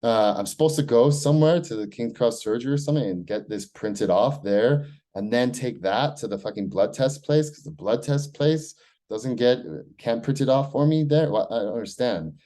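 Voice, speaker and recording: A man's voice: mid-range voice, normal speed, dark tone. An American man talking in a loose, rambling monologue, swearing freely and filling with "like" and "right?". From United States. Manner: loose and profane, heavy use of "like" and "right?". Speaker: vlogger keeping a spoken personal log.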